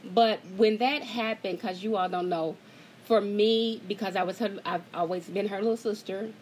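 A woman's voice: medium pitch, steady tone, normal speed, darkish tone, slight background noise, low-quality recording. Heartfelt woman hosting a group call. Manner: heartfelt, fighting back tears. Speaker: host of an online gathering. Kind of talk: emotional casual talk to a group call.

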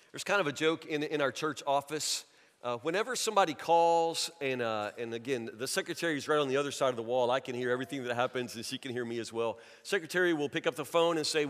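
A man's voice: high voice, a bit bright. A man preaching a sermon as pastor, folksy and storytelling, with frequent stammered restarts. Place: church sanctuary. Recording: long church reverb.

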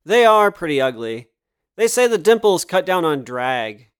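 A man's voice: a little high, big pitch swings, moderate pace, clean tone, no room sound, clean studio sound. A man voicing a friendly young woman jogger with a mid-Atlantic accent, in an audiobook. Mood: friendly teasing. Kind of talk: audiobook character voice.

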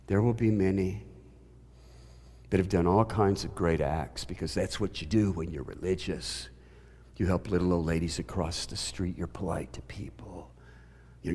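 A man from Oklahoma preaching a sermon, emphatic, moving between loud declarations and quiet asides. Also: low-pitched, husky. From Oklahoma, USA. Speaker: pastor.

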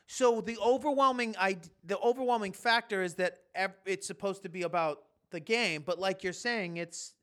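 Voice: mid-range voice, normal speed, few pauses, a bit bright. Laid-back co-host thinking aloud. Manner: laid-back, reasons things through aloud, swears. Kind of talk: casual chat.

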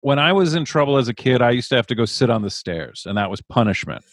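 A man's voice: medium pitch, sing-song, fast, no room sound. 40s guy, guest, reflective, swears casually, voice goes up and down a lot, dry sound. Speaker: podcast guest. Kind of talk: casual conversation.

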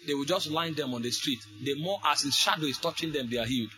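A man preaching a fervent sermon, repeating phrases and breaking into shouts. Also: on the high side, fast talker, soft background music. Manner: fervent, repetitive, bursts into shouts.

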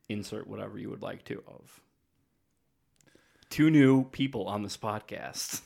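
A man's voice: fairly low pitch, unhurried, gravelly, pauses often, darkish tone. A man co-hosting a podcast, telling rambling travel stories in casual chat and mocking himself. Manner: rambling storyteller, self-mocking. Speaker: podcast co-host.

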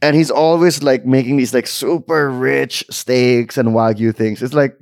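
A chatty man with a Filipino accent, speaking at a middle pitch. He co-hosts a podcast with easy, rambling chatter that mixes English and Tagalog. The sound is dry and close, with no room echo. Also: fairly even intonation, unhurried, vocal fry, a little mellow. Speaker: podcast co-host. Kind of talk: casual chat.

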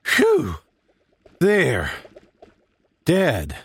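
A man putting on a high, excitable voice for a jumpy comic cook in a skit. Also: drawn-out words, creaky, background noise, heavily acted. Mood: excited. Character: excitable, squeaky-voiced male cook named Woody.

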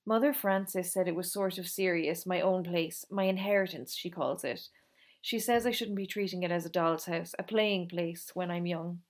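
A quiet, earnest little orphan girl in a storybook reading, a touch low and intense, as a woman reading puts her on. She speaks softly, sometimes almost in a hush. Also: normal speed, natural voice. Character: small intense orphan girl at a convent school.

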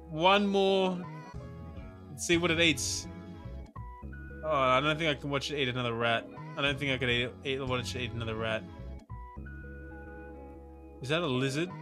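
A man streaming live, reacting to videos with loud exclamations, groans and a lot of swearing. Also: mid-range voice.

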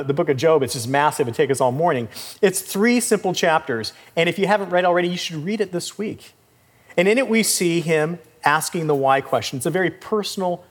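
A man's voice: a little high, in a large hall. A pastor preaching a conversational sermon, his voice jumping up when he voices a prophet's anguished cries.

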